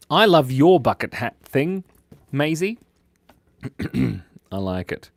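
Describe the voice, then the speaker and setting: His voice sits on the high side and moves slowly in a sing-song way, with no echo around it. He's a drawing livestream host who jokes around and reads his viewers' comments out loud while he works.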